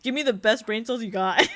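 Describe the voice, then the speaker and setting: A woman's voice: on the high side, animated, moderate pace, a bit bright. A young adult woman streaming a game, chatting casually and laughing often as she reads chat. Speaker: VTuber streamer. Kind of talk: casual live-stream chat while gaming.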